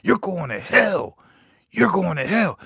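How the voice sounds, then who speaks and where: A man doing a preachy churchgoer, high and loud, accusing, emphatic. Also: big pitch swings, takes it slowly, vocal fry, slightly rough, no room sound, studio quality, exaggerated voice. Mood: scolding.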